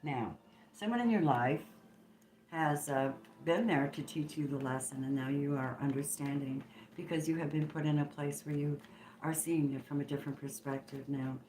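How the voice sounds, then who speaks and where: Low-voiced woman channeling a tarot reading. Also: normal speed. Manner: emphatic and preachy, swinging between hushed and forceful, with blunt swearing. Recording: roomy echo with faint background noise.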